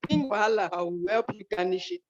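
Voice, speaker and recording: A woman's voice: mid-range voice, animated, fast talker. A woman joining a video call, playfully teasing her husband. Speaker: class participant, wife. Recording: muffled video-call audio.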